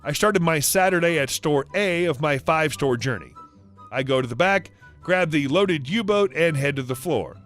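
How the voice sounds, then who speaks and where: A man narrating reader-submitted stories in a lively storytelling manner, acting out the dialogue. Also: a little high, moderate pace, faint music behind.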